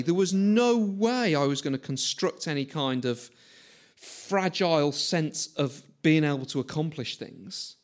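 Chatty preacher, slightly high voice. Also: male voice. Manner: chatty, self-mocking, asks listeners questions. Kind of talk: conversational sermon.

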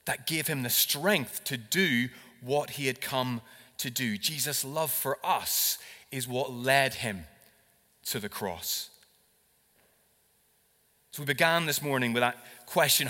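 Male preacher, bright and forceful, lively sermon delivery in a reverberant hall. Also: medium pitch. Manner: expressive, acts out quoted dialogue with shifts in loudness. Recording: long reverb of a large hall.

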